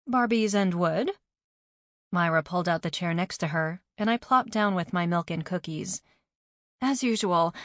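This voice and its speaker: A woman narrating a first-person novel, voicing the dialogue with lively changes. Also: on the low side, no echo, clean studio sound. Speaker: audiobook narrator.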